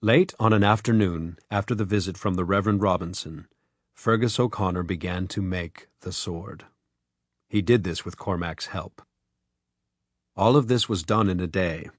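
A man reads an audiobook in a measured, even storytelling voice. His tone is low and slightly husky. The recording is dry and close, with no room sound. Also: no echo. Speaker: audiobook narrator. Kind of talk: scripted narration.

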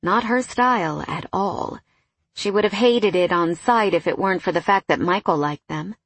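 Woman, audiobook narration, husky voice, dry close-mic sound, mid pitch. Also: normal speed, no echo. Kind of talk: scripted narration.

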